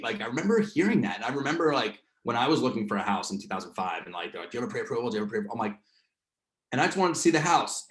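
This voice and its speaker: A man's voice: medium pitch, echoey room. A man with a New Jersey accent, leading a real estate training session in a casual, slangy way, full of fillers. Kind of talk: casual coaching talk.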